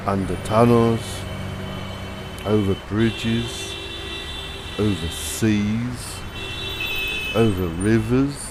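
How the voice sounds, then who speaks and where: Slow, lively male storyteller. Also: lowish voice, noisy background. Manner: meandering, repetitive. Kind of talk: improvised comic storytelling.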